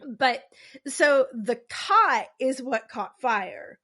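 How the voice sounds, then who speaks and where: Talkative woman co-host, slightly high, loose filler-heavy storytelling. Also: lively intonation, very slow, a bit bright. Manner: rambling, lots of "like" fillers, acts out quotes. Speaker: podcast co-host telling a true story. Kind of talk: casual storytelling chat.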